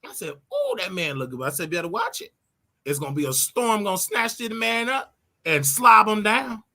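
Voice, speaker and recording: Flamboyant, animated man with a gravelly voice. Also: sits high, normal speed. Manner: flamboyant and sing-song, sudden yelps and laughter. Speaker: online preacher commentator. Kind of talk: casual livestream rant.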